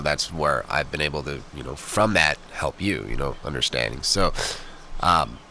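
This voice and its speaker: A man with a very low voice and a stuffy nose explains technical ideas as an interview guest. He talks eagerly and fills his sentences with "you know" and "I mean." A faint hum of noise sits behind him. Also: fairly bright tone. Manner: explains eagerly, many fillers. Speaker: guest, software developer. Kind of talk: casual interview chat.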